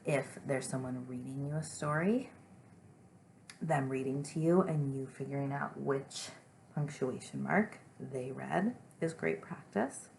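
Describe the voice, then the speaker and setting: Low, gravelly-voiced teacher woman. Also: measured pace, a little hiss or hum. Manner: gentle, patient, exaggerated expressive reading of example sentences. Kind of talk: remote lesson for young children.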